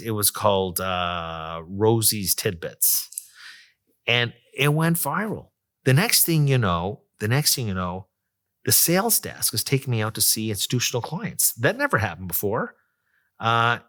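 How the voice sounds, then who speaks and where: A man's voice: on the low side, bright, forceful tone. A middle-aged man, an economist, telling a story from his career in a chatty interview, full of fillers and restarts. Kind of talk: conversational storytelling.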